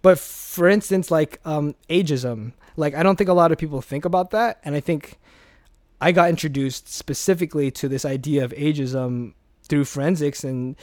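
A man's voice: fairly high pitch, normal speed, no room sound, studio quality. Rambling, swearing young man. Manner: rambling with restarts, swears freely, animated. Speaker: guest, former speech competitor. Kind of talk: casual interview chat.

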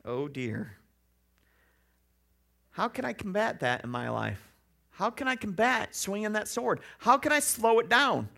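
A male preacher delivers a sermon in a relaxed, conversational style, tossing in rhetorical questions and playful asides. His voice sits a bit high for a man, with a gravelly edge and a bright, forward tone. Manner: acts out quoted voices.

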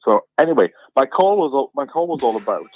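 A man's voice: medium pitch, very animated, fast, darkish tone, dry recording. A man chatting casually on a radio show over a phone line, telling jokey everyday stories. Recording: tinny phone line, dry.

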